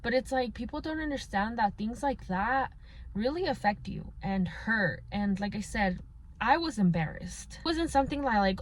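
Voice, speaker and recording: A woman's voice: a little high, animated, moderate pace, a little hiss or hum. Candid young woman telling a personal story. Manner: casual and candid, mixing in Spanish, frequent fillers. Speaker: vlogger.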